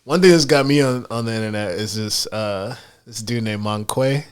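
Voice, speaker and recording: A man co-hosting a podcast, telling stories in a loose, animated way full of slang and fillers. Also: fairly low pitch, normal speed, clean tone. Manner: animated storyteller, heavy slang and fillers, chants in put-on voices. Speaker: podcast co-host. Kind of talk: casual chat.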